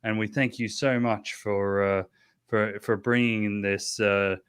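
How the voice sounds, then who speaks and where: A man's voice: fairly low pitch, level tone, a little slow, a bit bright, clear, resonant tone, no room sound, studio quality. A man voicing a relieved, pompous male council leader in a tabletop game, gushing and stumbling.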